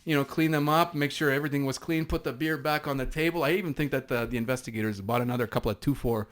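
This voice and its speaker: A middle-aged man with a Canadian East Coast accent tells stories on a podcast. He talks in a lively, halting way with many restarts, in a mid-range voice. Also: mid-range voice. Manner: animated storyteller with many restarts and laughs. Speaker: podcast guest, former SWAT sergeant. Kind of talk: casual storytelling.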